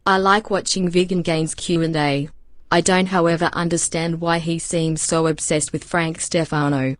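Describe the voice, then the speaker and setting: A text-to-speech woman's voice reading out viewer donation messages flatly. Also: lowish voice, moderate pace, dry recording, studio quality. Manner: flat synthetic reading.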